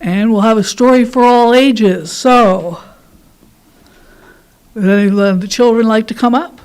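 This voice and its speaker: A woman leading a church service, reading a passage aloud and then telling a children's story in a calm, measured way. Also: on the high side, clean tone, no echo, rough recording. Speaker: worship leader.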